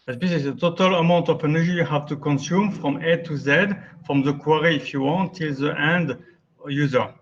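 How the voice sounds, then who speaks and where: A man's voice: on the high side, muffled recording. French-accented man lecturing over a call. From France. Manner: explanatory, with frequent restarts and self-corrections. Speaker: guest speaker, architect. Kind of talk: webinar lecture.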